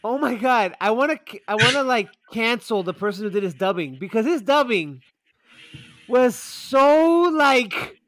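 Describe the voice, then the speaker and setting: Man, high voice, excitable, profane, rambling podcast chat, dry close sound. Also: unhurried, no room sound. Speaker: podcast co-host.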